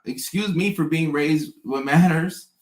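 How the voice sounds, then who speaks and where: A man's voice: on the high side, measured pace. A man from the American South telling stories in casual chat, often restarting and repeating words. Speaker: host. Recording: echoey room.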